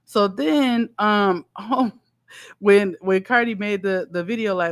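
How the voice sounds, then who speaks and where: A woman's voice: mid-range voice, slow pace. A woman hosting a commentary channel, recapping events in a chatty way and laughing between points. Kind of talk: casual commentary.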